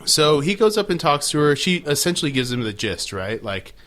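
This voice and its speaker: A man's voice: a little high, very animated, a little fast, a bit bright. A man co-hosting a podcast, recapping an episode in casual chat with crude jokes. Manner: joking, crude, recaps episodes with running commentary. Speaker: podcast co-host.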